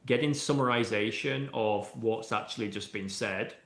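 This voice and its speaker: A man's voice: lowish voice, moderate pace. Chatty man in an echoey room. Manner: explains at length with frequent "you know" and "right?". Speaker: AI and automation expert, podcast guest. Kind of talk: conversational interview answers. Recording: roomy echoey room sound.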